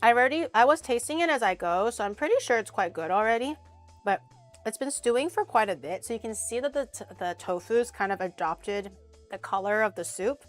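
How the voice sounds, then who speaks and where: Soft background music plays as a woman streamer, talkative and bubbly, tries food she made in a casual chat. She speaks briskly and expressively in a fairly high-pitched voice.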